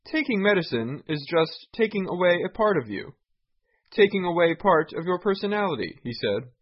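Measured male news reader, lively pitch. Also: highs cut off. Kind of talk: scripted news narration.

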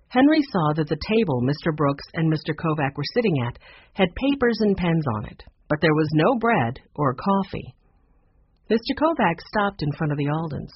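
A husky man narrating a children's chapter book, with a fairly high voice and lively, animated pitch. The storytelling is expressive and steady. The recording sounds dull and muffled. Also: normal speed, no echo. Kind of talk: audiobook narration.

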